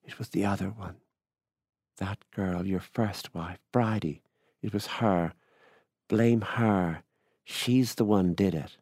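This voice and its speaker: A man's voice: deep voice, takes it slowly, darkish tone, husky, no room sound, studio quality, full character voice. A man reading aloud, voicing an impatient middle-aged country woman who speaks sharply and pleadingly.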